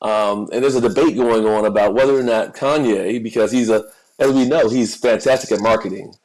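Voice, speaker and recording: On poor audio, an American man with a fairly low, darkish voice talks briskly as a podcast co-host. He chats casually about football and celebrity news, often repeating words while searching for what to say.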